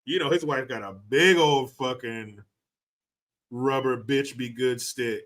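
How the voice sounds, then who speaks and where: A man's voice: medium pitch, a little slow, fairly bright tone. A man hosting a livestream and commenting in a mocking, profane, casual way. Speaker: livestream host.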